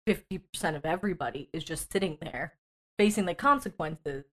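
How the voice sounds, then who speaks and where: Woman co-host, lower voice, calm and thoughtful talk. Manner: measured, reasoning aloud, laughs lightly. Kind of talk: casual political chat.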